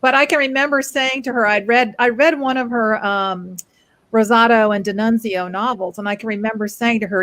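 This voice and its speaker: A woman co-hosting a casual video chat, telling a dry anecdote with many pauses. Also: a little high, a bit bright, no room sound. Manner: dry, anecdotal, hesitant fillers. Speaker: co-host.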